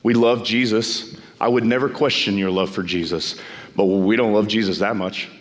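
A pastor preaching a sermon, emphatic and repeating phrases, his voice climbing high when he exhorts. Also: steady tone, moderate pace.

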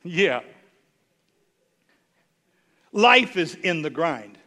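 High, bright-voiced preacher. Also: male voice, sing-song, takes it slowly. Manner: folksy, humorous storytelling with rising emphatic bursts. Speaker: bishop preaching. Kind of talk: sermon.

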